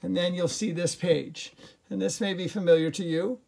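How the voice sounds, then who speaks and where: A man's voice: sits high, steady tone, normal speed, vocal fry, darkish tone. A middle-aged male teacher giving a recorded class lesson, chatty and jokey, with lots of fillers and restarts.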